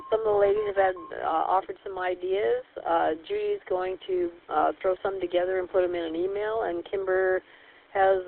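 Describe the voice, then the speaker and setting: A woman acting as net control on a ham radio net, working through check-ins by call sign in a steady, procedural way. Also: lowish voice, a little hiss or hum. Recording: tinny radio transmission.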